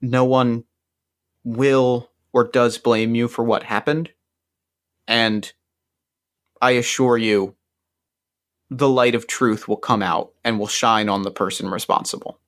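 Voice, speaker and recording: A man's voice: fairly high pitch, big pitch swings, normal speed, a bit bright. A man voicing a smarmy male reporter who speaks in a reassuring, pleading tone. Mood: grave.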